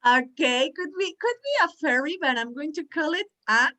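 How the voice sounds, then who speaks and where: Lively woman coaching pronunciation, slightly high voice. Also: normal speed. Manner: animated, coaxing, repeats words for the group. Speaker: pronunciation trainer for teachers. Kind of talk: lively online teaching workshop.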